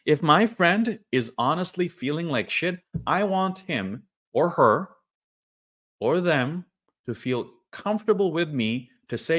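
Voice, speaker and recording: A young man talking earnestly and candidly to camera, halting and restarting as he speaks. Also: a little high, expressive, fairly bright tone. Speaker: online creator sharing personal story. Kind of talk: candid personal monologue.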